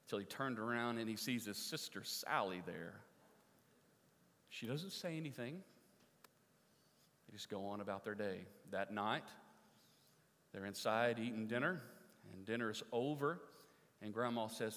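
A man's voice: mid-range voice, animated, moderate pace, long pauses, sharp tone. A man preaching a sermon, telling a story with energy and asking the congregation questions. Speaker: pastor. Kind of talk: sermon with story and closing prayer. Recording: long reverb of a large hall.

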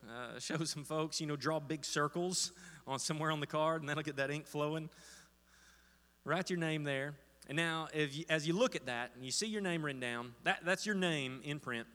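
A man's voice: a little high, bright, forceful tone. A man telling a story in a sermon as pastor, with frequent fillers and restarts. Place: church sanctuary. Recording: long hall reverb.

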